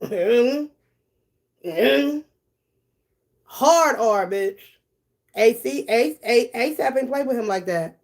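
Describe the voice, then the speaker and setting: Slow-talking blunt woman streamer. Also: a little high, lively intonation. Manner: blunt, profane, gossipy, laughs often; talks directly to her viewers. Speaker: live stream host reading chat. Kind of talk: casual live-stream commentary.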